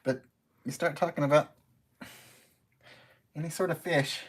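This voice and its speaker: A man hosting a casual livestream while he cooks. He talks in a chatty, expressive way and laughs easily. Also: a little high, unhurried, husky. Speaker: cook and livestream host. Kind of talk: casual live-stream chat while cooking.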